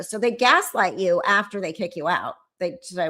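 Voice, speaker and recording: A woman's voice: on the low side, moderate pace, pushed and bright. A woman commentator on a live stream, chatting casually and answering viewer comments as she reads them.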